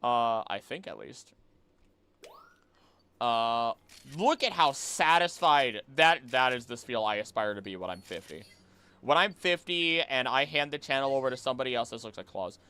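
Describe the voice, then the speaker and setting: A man's voice: medium pitch, expressive, moderate pace, pushed and bright, clean tone. A young man streaming a game and chatting casually with his chat, repeating himself and using many fillers.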